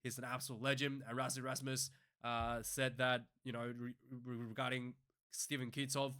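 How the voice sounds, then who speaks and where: Bright-voiced man hosting casual rugby commentary. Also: medium pitch, little pitch movement, moderate pace, clear, resonant tone. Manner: rambling, many fillers and restarts, gets heated and ranting. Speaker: rugby news show host.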